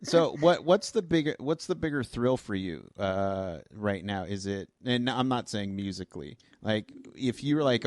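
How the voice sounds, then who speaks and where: A man hosts a podcast in an easygoing, rambling way, poking fun at himself. His voice sits on the low side. The recording is close and dry. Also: moderate pace, hardly any pauses, dry recording. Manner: relaxed, rambling, self-deprecating. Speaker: podcast host. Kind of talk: casual interview chat.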